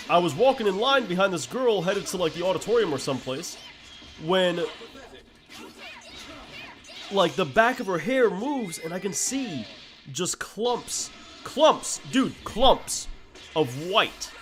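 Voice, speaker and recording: A man streaming games, chatting casually and telling stories in a blunt, animated way. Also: sits high, takes it slowly, soft background music. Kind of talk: casual gameplay commentary.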